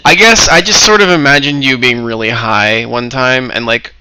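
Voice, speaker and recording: A man's voice: mid-range voice, moderate pace, pushed and bright, smooth, no echo, poor audio. A man running a tabletop game as game master, joking and laughing easily with his players.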